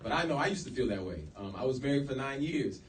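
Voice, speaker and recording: A man gives a casual, slangy lecture to a live audience, animatedly acting out quoted speech. His mid-range voice moves at a quick pace with a little hiss or hum, in an echoey room with the mic far off.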